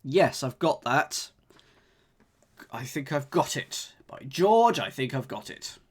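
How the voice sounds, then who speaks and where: A man's voice: medium pitch, takes it slowly, fairly bright tone, husky. A man solving a cryptic crossword on a live stream, chatting and joking with his viewers as he thinks aloud. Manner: chatty, jokey, thinks aloud, talks to chat. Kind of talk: casual live-stream chat.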